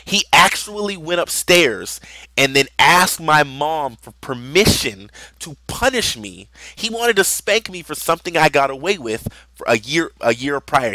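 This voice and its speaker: A man's voice: a little high, bright, forceful tone, no echo. A young man telling a personal story in a rambling, conversational way, with lots of fillers. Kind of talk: casual storytelling vlog.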